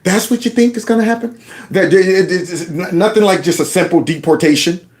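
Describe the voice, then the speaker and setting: A man's voice: high voice, fairly quick. A man hosting his own channel, giving opinionated commentary over clips, talking emphatically with lots of rhetorical questions and colloquial speech.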